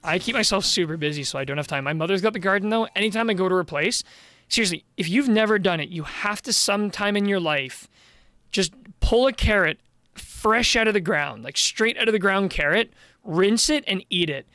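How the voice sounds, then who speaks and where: A man's voice: sits high, expressive, fairly quick, pushed and bright, no room sound. A man chatting casually while live-streaming a video game. He rambles, laughs easily, and his voice sounds tired and worn.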